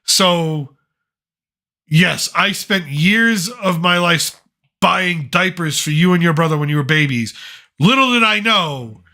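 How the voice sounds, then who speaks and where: Gravelly, bright-voiced middle-aged man. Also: high-pitched, expressive, slow. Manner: opinionated, rambling, with fillers. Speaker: podcast host, father. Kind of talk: casual chat.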